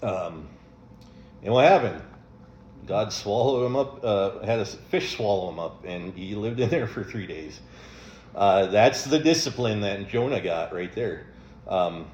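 A man's voice: fairly low pitch, a little mellow, roomy sound, lo-fi sound, slight background noise. A man preaching a sermon as pastor, in a conversational way with frequent ums and light chuckles.

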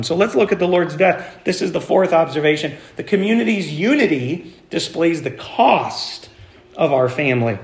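A man's voice: sits high, very animated, normal speed, creaky, fairly bright tone, reverberant. A man preaching a sermon as pastor, talking in a conversational way with fillers and restarts. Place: church.

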